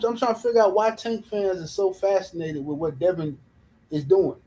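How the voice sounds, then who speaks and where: A man ranting in casual livestream commentary about boxing, animated and mocking, with slangy, speech. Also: sits high, normal speed, low-quality recording. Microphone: livestream mic.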